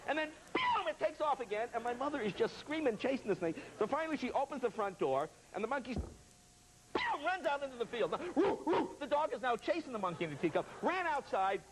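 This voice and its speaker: A man telling a comic story as a talk show guest, animated and laughing, with lots of voices and sound effects. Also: very high-pitched, fast talker, hardly any pauses. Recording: noisy television studio audio.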